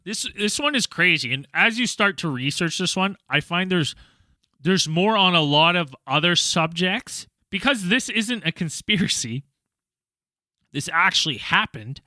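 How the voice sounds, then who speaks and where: Male podcast host, chatty and upbeat, bright tone, dry sound. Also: high voice, lively intonation, unhurried, dry recording. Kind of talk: casual podcast chat.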